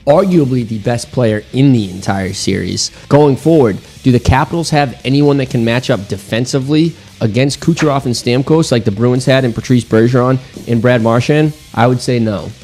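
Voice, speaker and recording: A man, a hockey blogger guest, giving a low-key, deadpan sports prediction. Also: moderate pace, hardly any pauses, faint music behind.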